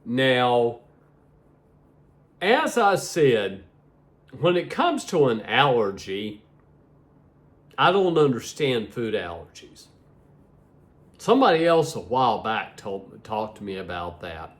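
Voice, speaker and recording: A sleepy, yawning middle-aged male vlogger talks slowly to his viewers, his pitch lively and swooping. He rambles casually and keeps repeating "like I said."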